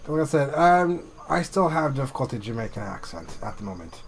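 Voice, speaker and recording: A man's voice: medium pitch, big pitch swings, a little fast, a little hiss or hum, rough recording. A man casually commenting while he streams a video game, chatting with viewers in a self-mocking way.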